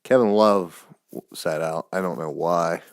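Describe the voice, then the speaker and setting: A man with a very low, gravelly voice rambles through a casual podcast monologue, swearing offhandedly. The sound is dry and close, recorded on a phone. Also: unhurried, no echo. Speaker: podcast host. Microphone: phone camera.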